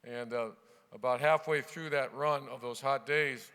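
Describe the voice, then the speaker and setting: Middle-aged man, from Ohio, keynote storyteller, punchy anecdotes, bright crisp voice, podium mic, long hall reverb. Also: medium pitch, fairly even intonation, a little slow. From Ohio, USA. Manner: anecdotal, punchy, with loud bursts at new chapters. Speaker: keynote speaker, football coach. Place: large banquet hall.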